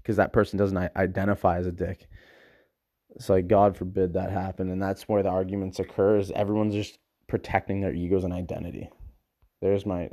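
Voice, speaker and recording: A man's voice: on the low side, no room sound, clean studio sound. A man talking casually and emphatically, rambling and repeating words as he explains his views. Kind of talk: casual monologue on psychology.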